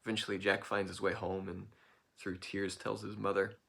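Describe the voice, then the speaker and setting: Male storyteller, casual folk tale, playful, gravelly, bright. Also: low voice, normal speed. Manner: lively, playful, with animal noises.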